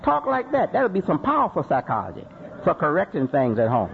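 A man's voice: on the high side, wildly swooping pitch, brisk, gravelly. A man preaching a sermon, repeating phrases for emphasis and asking rhetorical questions. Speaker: Muslim preacher. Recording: dull lo-fi recording with faint noise.

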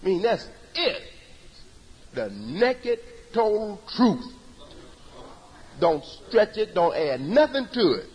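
A man's voice: sits high, big pitch swings, slow pace, pauses often, darkish tone, long reverb tail, slight background noise, rough recording. A man giving a sermon-style religious lecture, emphatic and repetitive in his preaching cadence. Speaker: religious teacher.

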